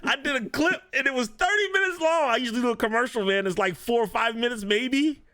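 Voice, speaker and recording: High bright-voiced guy ranting on a podcast, laughs a lot, real animated. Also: quick pace, clear, resonant tone. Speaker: podcast co-host. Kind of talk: casual podcast chat. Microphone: video podcast mic.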